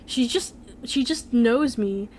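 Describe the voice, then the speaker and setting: A woman's voice: on the high side, animated, takes it slowly, a little mellow, slight background noise. A woman voicing a defensive, flustered teenage boy who stammers and fills his talk with "like". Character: flustered teen boy in denial about a crush.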